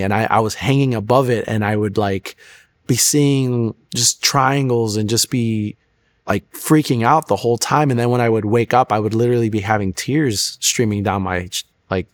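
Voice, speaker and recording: A man's voice: mid-range voice, no room sound. A young man telling his personal faith testimony in an interview, earnest and reflective, often restarting his sentences. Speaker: testimony guest.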